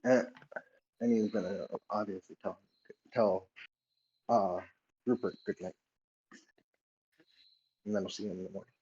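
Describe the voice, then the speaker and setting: A man's voice: low-pitched, fairly even intonation, unhurried, pauses often, mellow, lo-fi sound, slight background noise. A man playing a tabletop game, describing his character's actions hesitantly and repeating words as he goes. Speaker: player. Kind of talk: tabletop game role-play.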